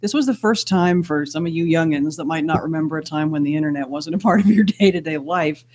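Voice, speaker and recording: A man co-hosting a casual podcast who laughs often and drops quick jokey asides. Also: on the high side, a little mellow. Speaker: podcast co-host. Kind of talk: casual chat.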